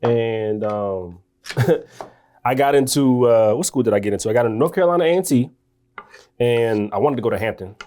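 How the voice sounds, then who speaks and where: A man from Washington, D.C., a guest author and musician, telling long stories in a relaxed way. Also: mid-range voice, moderate pace, long pauses. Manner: laid-back, talks in long rambling stories. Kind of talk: casual interview storytelling.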